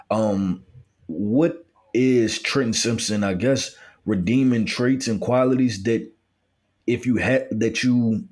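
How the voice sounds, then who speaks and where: A man with a fairly low voice co-hosts a relaxed football podcast. He speaks in a measured, conversational way, using fillers as he poses questions to his partner. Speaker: co-host, football analyst. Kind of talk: casual sports analysis chat.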